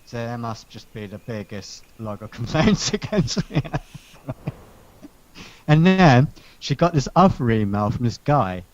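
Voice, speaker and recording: A man telling a long workplace story in casual chat, animated and sarcastic, swearing now and then. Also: mid-range voice, a little slow. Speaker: podcast co-host telling a story. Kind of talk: casual chat, venting anecdote. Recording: dull lo-fi sound.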